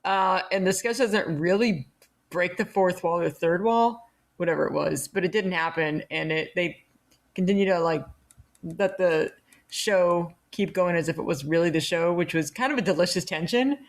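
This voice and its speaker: Woman podcast host, lowish voice, rambling, casual review chat. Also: moderate pace. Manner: rambling, filler-heavy.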